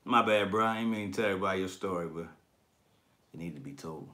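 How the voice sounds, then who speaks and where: Slangy, forceful man with a lowish voice. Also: quick pace. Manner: slangy and profane, laughing often. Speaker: collectibles channel host. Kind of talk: casual livestream chat, reading viewer comments.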